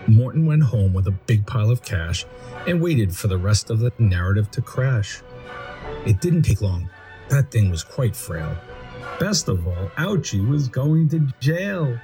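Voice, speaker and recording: A man's voice: fairly low pitch, sing-song, a little slow, over music. A man narrating a rhyming storybook poem with a sing-song, sarcastic rhythm.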